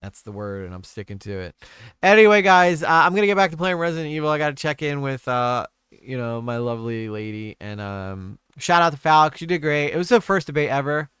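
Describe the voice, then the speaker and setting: A man's voice: a little high, lively intonation, fairly quick, fairly bright tone, smooth, dry recording, studio quality. A young man hosting a casual stream chat, talking crudely and rambling, often trailing off mid-sentence. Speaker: streamer host.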